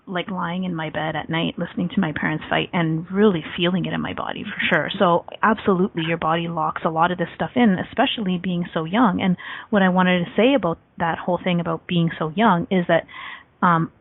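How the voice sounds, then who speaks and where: A woman's voice: fairly low pitch, fairly even intonation, a little fast. A woman hosting a radio talk show, telling a personal story in a casual chat with a lot of "like" fillers. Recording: dry, tinny phone-line sound.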